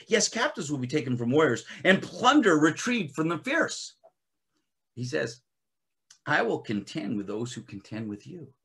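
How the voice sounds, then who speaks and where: A ministry director preaches a sermon in a slightly high voice, swinging between loud, emphatic bursts and quiet readings of scripture. He restarts often and frequently fills pauses with "uh."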